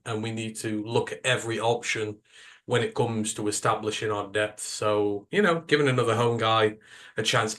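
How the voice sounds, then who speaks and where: A man's voice: medium pitch, a bit bright. Opinionated British man talking football. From United Kingdom. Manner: emphatic, opinionated, rambling with fillers. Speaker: podcast co-host. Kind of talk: casual sports podcast chat.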